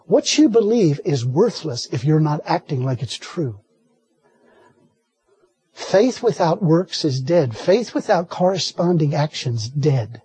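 A man preaching a sermon with folksy, animated storytelling and frequent laughter. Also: a little high, slow, slightly rough, no room sound.

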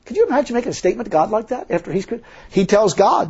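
A man's voice: high voice, very animated, fast, a little mellow, breathy edge. A man preaching a sermon in a folksy, emphatic way, full of rhetorical questions. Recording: dull lo-fi sermon recording.

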